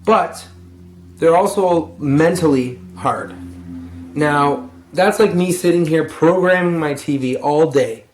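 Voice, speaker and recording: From a roomy-sounding space at home, a young vlogger who leads a lumber yard crew rambles through profane tips on landing a raise, tired, yawning and sighing. He speaks slowly in a slightly high voice, with a little hiss or hum in the audio.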